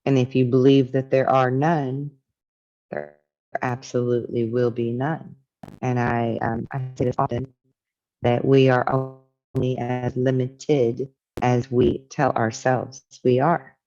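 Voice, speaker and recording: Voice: medium pitch, level tone, measured pace, warm tone, highs cut off, soft background music. A spiritual teacher talking casually and reflectively, reading from a book and musing on its ideas.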